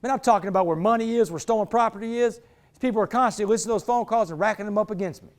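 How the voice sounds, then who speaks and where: A man's voice: high voice, very fast. A man gives a motivational talk to a team, telling his story dramatically and acting out the voices of others. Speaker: motivational speaker.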